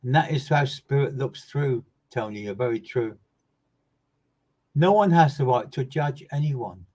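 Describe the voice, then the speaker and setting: Brief: male medium, earnest and emphatic, mid-pitched voice, repeats phrases, loud bursts that drop to soft asides. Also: expressive, a little slow, rough recording. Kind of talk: live online mediumship reading addressing viewers by name.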